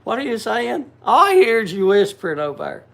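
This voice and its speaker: Man, high-pitched, casual livestream host, chatty, greets viewers. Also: very animated, a little fast, creaky, a bit bright. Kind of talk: casual chat.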